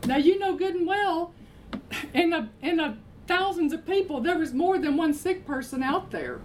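A woman's voice: extremely high pitch, animated, normal speed, a little mellow, a little hiss or hum, poor audio. A woman preaching a sermon, emphatic, repeating her phrases and answering her own questions.

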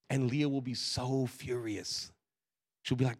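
A man's voice: mid-range voice, a little fast. A man preaching a sermon as pastor, telling family stories in a casual, conversational way with slang and some laughter. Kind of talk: sermon with storytelling.

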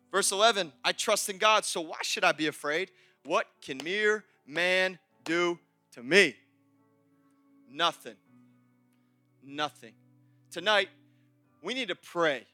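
High bright-voiced passionate young male preacher. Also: measured pace, long pauses, dry recording, faint music behind. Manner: passionate, swings from shouting praise to quiet confession. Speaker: pastor. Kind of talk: sermon. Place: church service.

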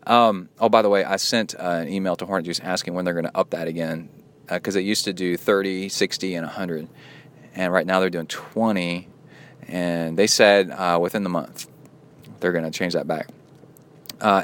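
A male podcast host with a fairly low, soothing voice, chatting loosely and playfully. He reads emails aloud and breaks in with quick joking asides. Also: a bit bright. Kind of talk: casual podcast chat, reading listener emails.

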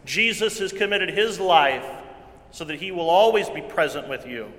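A man preaching a sermon in earnest tones, repeating phrases and swinging from loud to hushed. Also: fairly high pitch, lively intonation, normal speed. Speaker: pastor. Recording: long hall reverb.

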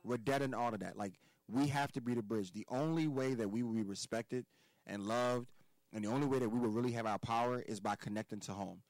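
A man's voice: medium pitch, a little fast, a little mellow, no room sound, rough recording. A man from Philadelphia, a podcast guest giving life advice in casual conversation, emphatic and profane, hammering points home by repeating words.

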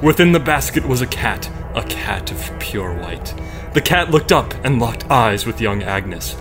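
A man co-hosting a comedy podcast, reading a scripted story with dramatic flair between quick deadpan quips. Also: medium pitch, over music.

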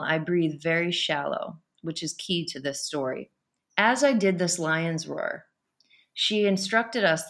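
A woman guest on an interview podcast, telling a personal story in an emotional, animated way. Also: fairly low pitch.

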